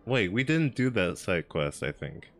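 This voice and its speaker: A man streaming a game, chatting casually, laughing often and thinking out loud as he works through clues. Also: lowish voice, very animated. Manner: laughs often, thinks aloud, spells words out slowly. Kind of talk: casual gameplay chat. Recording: faint game music behind.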